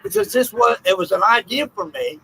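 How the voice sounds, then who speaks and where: An older man with a high, gravelly voice that swings widely in pitch. He hosts a heated voice-chat panel, blunt and profane, with a bright edge to his tone. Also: huge pitch swings, fairly quick, crowd noise, low-quality recording.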